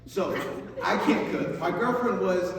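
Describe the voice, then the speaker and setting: A man's voice: sits high, a little slow, crowd noise. A young man preaching a youth sermon in an upbeat, chatty way, often checking in with his listeners. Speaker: youth pastor. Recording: echoey hall, mic far off, faint noise.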